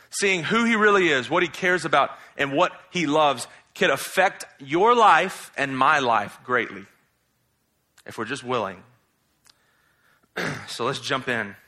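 Bright-voiced animated male preacher. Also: mid-range voice. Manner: animated, mocks in exaggerated voices while quoting. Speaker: pastor. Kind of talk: sermon.

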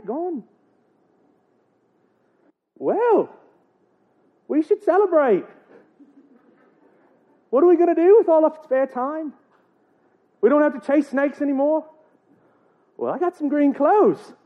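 Man doing gossipy Irish village men, put-on Irish accent, squeaky high voice, tinny phone-like sound. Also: sing-song, slow, pauses often, full character voice. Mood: excited. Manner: chattering, high-pitched and sing-song.

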